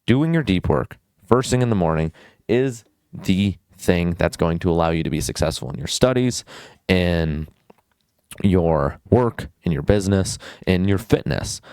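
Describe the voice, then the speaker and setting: Low-pitched young man, blunt and crude self-help talk, many fillers, jumping between tangents, dry close sound. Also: lively intonation, measured pace, darkish tone, clean tone, no echo. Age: young adult. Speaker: self-improvement vlogger. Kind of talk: casual advice monologue.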